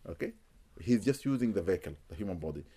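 A man's voice: low-pitched, animated, quick pace, dark tone, slightly rough. Man telling a story with religious phrases. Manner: sprinkles Arabic religious phrases; repeats words for emphasis. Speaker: Muslim spiritual healer. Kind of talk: storytelling interview answers.

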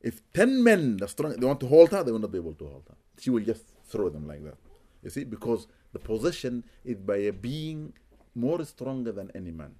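A man's voice: mid-range voice, big pitch swings, brisk, hardly any pauses, dark tone. A man, a Muslim spiritual healer, telling a story in an interview, with Arabic religious phrases and repeated words for emphasis.

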